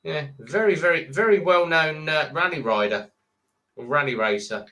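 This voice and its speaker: A man's voice: on the high side, moderate pace, background noise. A man in his fifties hosting a casual late-night live chat with friends, rambling and jokey, slipping into silly voices when telling a story. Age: 50s. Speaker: live stream host.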